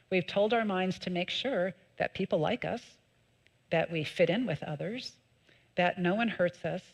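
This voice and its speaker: A woman minister giving a sermon, calm and measured in her teaching, with lively emphatic peaks. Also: fairly low pitch. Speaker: associate minister. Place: church sanctuary.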